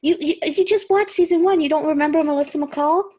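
A woman hosting a casual podcast chat and reading fan fiction aloud, animated and quick to laugh. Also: high-pitched. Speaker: podcast host and reader.

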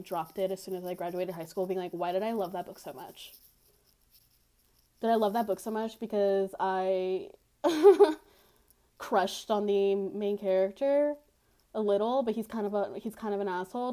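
A woman's voice: medium pitch, mellow. A young woman with a mid-range voice talks through a personal story on her podcast. She is blunt and candid, and her speech is loose and rambling, full of fillers and casual swearing. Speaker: podcast host. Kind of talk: confessional storytelling monologue.

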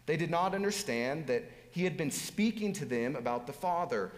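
A man preaching a sermon, animated and emphatic, swinging between loud exclamations and hushed asides. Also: fairly high pitch, moderate pace, hardly any pauses, long reverb tail.

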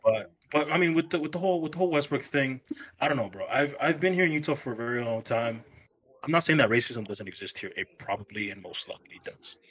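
A man's voice: medium pitch, expressive, quick pace, fairly bright tone. A man co-hosting a casual sports podcast, talking loosely and peppering his lines with "bro" and "man". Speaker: podcast co-host.

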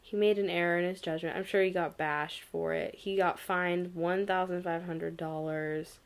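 A woman's voice: on the low side, steady tone, moderate pace. Chatty woman reading search results aloud. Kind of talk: casual chat.

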